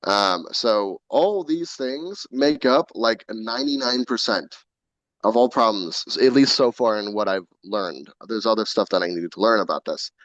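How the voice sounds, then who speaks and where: A man guesting on a business podcast, explaining things earnestly. His voice sits low. The recording is dry and slightly dull. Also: animated, moderate pace, fairly bright tone, no echo. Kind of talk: casual business talk.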